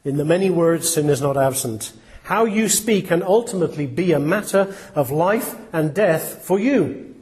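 A man's voice: a little high, animated, normal speed, darkish tone. Earnest preacher, man. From England. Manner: earnest, plain-spoken, with frequent restarts and rhetorical questions. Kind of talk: sermon.

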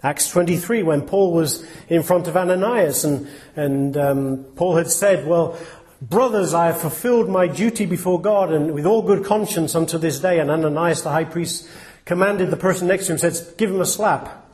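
A man's voice: on the high side, normal speed, darkish tone. A man preaching a sermon in an earnest, plain-spoken way, asking his listeners rhetorical questions. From England.

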